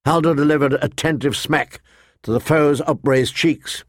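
A man narrating a fantasy novel in a measured storytelling manner, voicing the characters. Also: medium pitch, dry recording, clean studio sound. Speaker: audiobook narrator. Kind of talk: scripted narration.

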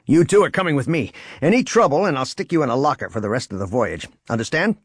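A man voicing a gruff, short-tempered male smuggler who growls and deadpans. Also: medium pitch, lively intonation, fast talker, no echo, studio quality, voice pushed up. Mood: commanding.

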